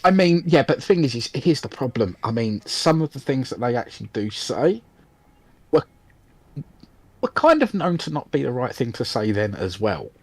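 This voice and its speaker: A British man co-hosting a podcast in casual chat, halting and full of ums and restarts. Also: mid-range voice, very animated, dry recording, poor audio. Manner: hesitant, lots of ums and restarts. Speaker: podcast co-host.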